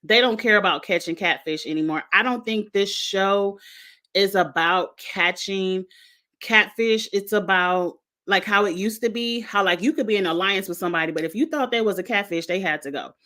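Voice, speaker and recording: A woman's voice: mid-range voice, normal speed, bright, forceful tone. A woman in a mid-range voice hosts a casual reality show recap. She is chatty and frank, with strong opinions. She sometimes turns to address the contestants directly. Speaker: reality show reviewer, host.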